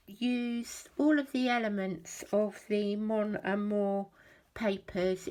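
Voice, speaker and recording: A woman hosting a papercraft channel, narrating a walkthrough of her handmade cards and album in a friendly show-and-tell way. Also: medium pitch. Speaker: craft channel host.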